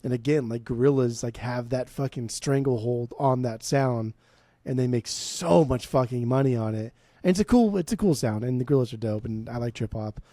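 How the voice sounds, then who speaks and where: A man's voice: medium pitch, normal speed, dark tone, no echo, studio quality. An American man co-hosting a music podcast, talking casually in a rambling, profane, jokey way. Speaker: podcast co-host. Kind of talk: casual chat about music.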